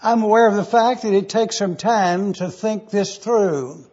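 Man, sermon teaching, slow deliberate delivery, husky tone, dull lo-fi sound. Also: high-pitched, a little mellow. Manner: slow, deliberate, repeating key phrases. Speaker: preacher.

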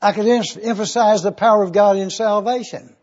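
A man's voice: high-pitched, steady tone, a little fast, darkish tone, lo-fi sound. A man preaching an evening sermon, teaching from scripture and stretching out key words for emphasis. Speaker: pastor.

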